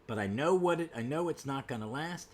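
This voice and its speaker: A man reading the lines of a fed-up young woman, an ex-girlfriend, in a flat read-aloud delivery. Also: medium pitch, a little fast, slight background noise, lightly acted. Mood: weary. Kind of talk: reading comic dialogue aloud.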